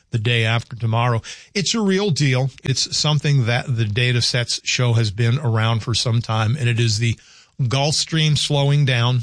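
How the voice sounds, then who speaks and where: An older man hosting a call-in radio show in a loose, rambling way, often thinking out loud mid-sentence. His voice sits at an everyday pitch and sounds dry and close, with no room around it. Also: no echo. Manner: rambling, conversational, thinks aloud. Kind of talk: casual call-in radio talk.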